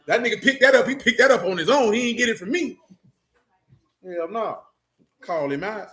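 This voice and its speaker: A middle-aged man preaching in loose talk, joking and mocking with loud bursts. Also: high-pitched, expressive, moderate pace, pauses often. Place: church meeting room.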